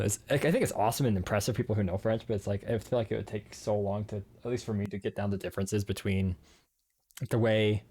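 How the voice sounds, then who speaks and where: A man's voice: lowish voice, steady tone, fast, a little mellow, breathy edge. A man streaming live, chatting casually and rambling with lots of fillers and self-corrections. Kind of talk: casual chat.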